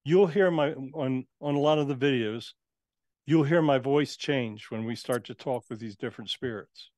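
A man's voice: mid-range voice, moderate pace, a little mellow, dry recording. A man who works as a spirit channeler, a guest on an interview show, telling his experiences in a casual, earnest, matter-of-fact way.

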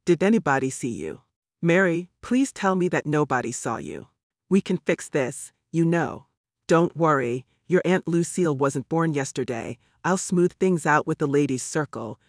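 A man voicing a fretful, devout elderly great-aunt in an audiobook who scolds with rapid, worried questions. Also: a little high, lively intonation, no echo, studio quality, lightly acted. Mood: anxious. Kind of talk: audiobook character voice.

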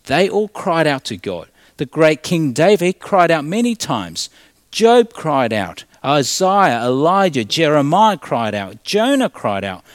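A male pastor delivers a sermon with a lively, rising and falling voice. He leans hard into emphatic lines, then drops to a near hush. The sound is dry and close, with little room tone. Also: medium pitch, no echo. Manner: expressive preaching, swinging from loud emphasis to hushed tones.

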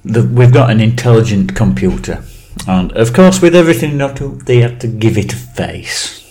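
Male podcast co-host, low-ish voice, rambling and crude, laughs often. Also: animated, moderate pace, a little mellow. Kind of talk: casual chat.

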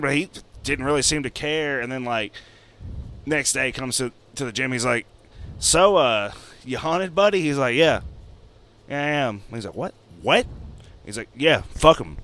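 A man's voice: expressive, a little slow, pushed and bright. A young man co-hosting a podcast, casually retelling a story with lots of swearing and voicing the characters in it. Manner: rambling, swearing, acts out characters with jumps in pitch. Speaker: podcast co-host.

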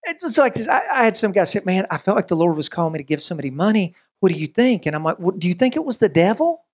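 Animated pastor preaching. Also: male voice, high voice, breathy edge. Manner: conversational, animated preaching with quick asides and voiced quotes. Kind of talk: sermon.

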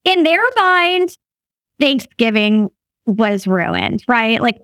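A woman's voice: high-pitched, slow, no room sound, studio quality. Woman in her fifties telling a story. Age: 50s. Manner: laughs often while talking, animated quoting of others. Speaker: guest. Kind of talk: casual storytelling.

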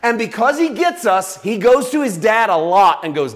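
A man pastor preaching a conversational sermon with lively acted-out asides. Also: high-pitched, moderate pace. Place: church.

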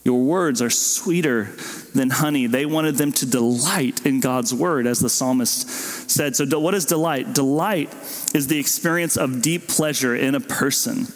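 A young adult male pastor preaching a casual, animated sermon, slipping into playful voices for babies and parents. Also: medium pitch, measured pace. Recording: long hall reverb.

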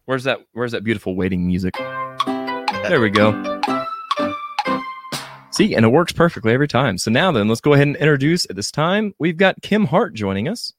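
A man's voice: mid-range voice, big pitch swings, moderate pace, long pauses, faint music behind. A man hosting a casual podcast in an easygoing way, laughing often and reading out listener comments. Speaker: podcast host.

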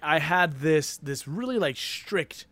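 A man's voice: on the high side, expressive, takes it slowly, sharp tone, dry recording. A young man in casual podcast chat, rambling with many fillers and frequent laughs.

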